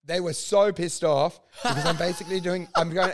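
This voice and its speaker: A man, a podcast co-host, telling a story in casual chat, animated and laughing, acting out the voices of people in it. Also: high-pitched, a little fast, hardly any pauses, noisy background. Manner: animated, laughing storyteller who acts out quotes.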